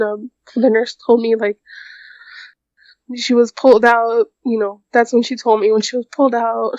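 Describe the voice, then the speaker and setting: Woman guest telling her story, quiet and halting, lots of likes and ums, kinda dull lo-fi sound, dry. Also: on the high side, no echo. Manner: halting, full of "like" and "um". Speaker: podcast guest. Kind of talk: emotional personal storytelling.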